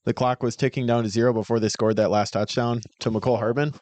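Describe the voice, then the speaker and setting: A man's voice: medium pitch, steady tone, fast, a little mellow, no echo. A man co-hosting a casual sports podcast, rambling with lots of fillers and laughing easily. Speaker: podcast co-host. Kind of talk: casual chat.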